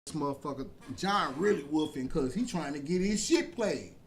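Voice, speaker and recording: Animated storytelling man, loud then hushed. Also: on the high side, normal speed. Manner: animated, swings between loud bursts and hushed asides, profane slang. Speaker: podcast guest telling a story. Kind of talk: casual storytelling.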